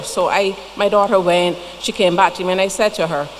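A woman's voice: mid-range voice, fairly even intonation, a little fast. A woman with a Barbadian accent giving a funeral tribute in a church, telling folksy stories with chatty asides. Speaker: eulogy speaker. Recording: long church reverb, faint noise.

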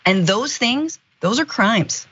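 A woman co-hosting a political commentary show, animated, indignant and sarcastic. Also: a little high, slow, husky, muffled recording. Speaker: co-host.

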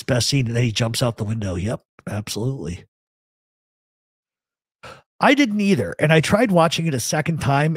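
A man's voice: medium pitch, husky, no room sound, studio quality. A man hosting a live talk show, giving blunt, rambling opinions to viewers in the chat. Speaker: host. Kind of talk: live radio chat answering a chat.

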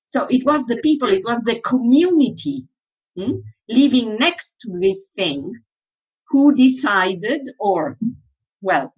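A woman's voice: mid-range voice, husky, low-quality recording. A woman giving a workshop lecture in English, her first language Italian, who often asks the audience questions and then answers them.

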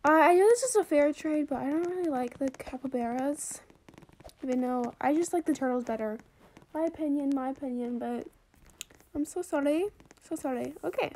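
A woman's voice: high voice, a little mellow. A young woman chatting casually as she commentates her own gameplay, bubbly and pleading by turns, joking at herself. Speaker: gaming vlogger.

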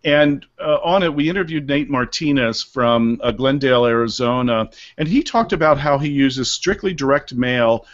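A man's voice: mid-range voice, moderate pace, hardly any pauses. A middle-aged man from Maryland, a real estate broker, talking as a guest in an interview and acting out little asides as he tells stories. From Maryland, USA. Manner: lively, animated storytelling with acted-out asides. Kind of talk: interview over a live video call. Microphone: video call. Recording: slightly dull lo-fi video call audio.

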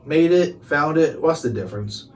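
A man's voice: on the high side, expressive, moderate pace, natural voice. A man voicing a sly, unflappable talking cat in a storybook read-aloud, with a dry, conversational manner. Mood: dry, smug. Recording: distant mic, faint hiss.

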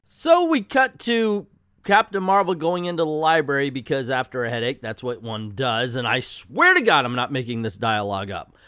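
A man's voice: mid-range voice, very animated, a little fast, few pauses, pushed and bright, no echo, clean studio sound. A man hosting a casual comedic comic book review, sarcastic and exasperated.

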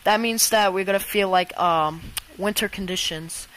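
A woman filming an excited, rambling weather vlog outdoors in a storm, stumbling over words with lots of fillers. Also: medium pitch, normal speed, rough recording. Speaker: amateur weather vlogger.

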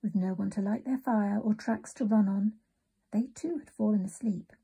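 A woman narrating a children's storybook in a soft, often whispered reading voice. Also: medium pitch, moderate pace, gravelly, husky.

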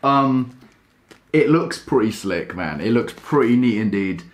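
Rambling excitable young man. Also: medium pitch, unhurried. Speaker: coffee vlogger. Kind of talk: casual unboxing vlog.

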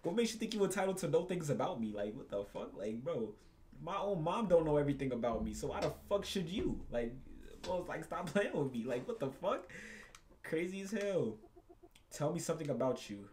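A man's voice: fairly high pitch, very animated, fairly quick, darkish tone, slight background noise. A young man hosting a reaction video, ranting casually and profanely, repeating himself and calling the listener bro.

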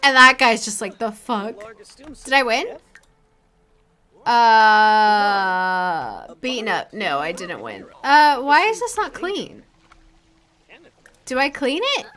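A woman with a high, bright, lively voice calls out a let's play as she goes. Her commentary is loose and profane, and she talks straight back to the characters on screen. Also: unhurried. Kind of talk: gameplay commentary.

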